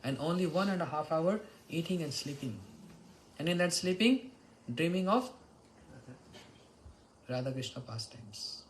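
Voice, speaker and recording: A man's voice: a little high, animated, a little slow, long pauses, a little hiss or hum, low-quality recording. A man giving a devotional morning lecture, telling stories and chanting verses. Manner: storytelling, chants Sanskrit and Bengali verses. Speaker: spiritual teacher.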